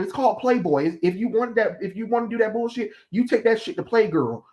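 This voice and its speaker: A man's voice: sits high, animated, fairly quick, darkish tone, dull audio. A man hosting a livestream chat, ranting in a heated, blunt way with some profanity. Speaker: stream host. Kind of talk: casual chat.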